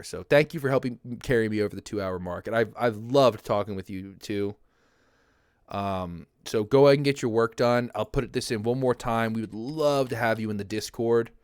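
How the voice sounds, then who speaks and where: A young man chats casually to his livestream viewers, rambling from one topic to the next and laughing easily. His voice sits in a middle pitch. It sounds dry and close to the mic at his home setup. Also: clean tone, no echo. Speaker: livestream host. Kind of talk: casual chat.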